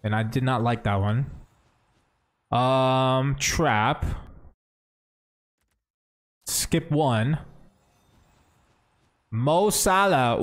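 A young man streaming a game, chatting casually and thinking out loud as he plays. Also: medium pitch. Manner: chatty, thinks aloud, says bro and man. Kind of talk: casual livestream commentary.

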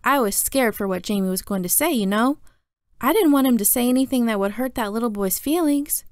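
A woman's voice: on the high side, brisk, dry recording, studio quality, pitched above the performer's own voice, lightly acted. A woman voicing a stern, devout babysitter who scolds and preaches in a storybook reading. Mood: remorseful.

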